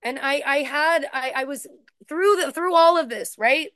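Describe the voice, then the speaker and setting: Woman sharing her recovery in a searching, emotional way, fairly high voice, dry recording. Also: moderate pace, a bit bright, no room sound. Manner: searching, repetitive, emotional, with many restarts. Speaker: recovery speaker. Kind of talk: personal share talk.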